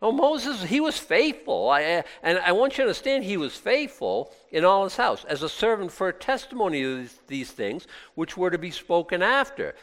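A man preaching a sermon as a pastor, animated and conversational, full of exclamations and restarts. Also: sits high, normal speed, hardly any pauses, in a large hall.

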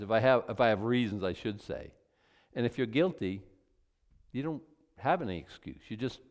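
A man preaching, reading scripture aloud and then breaking into joking, conversational comments and mock apologies. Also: medium pitch. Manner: acts out mock apologies in voices. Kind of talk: Bible teaching with casual asides.

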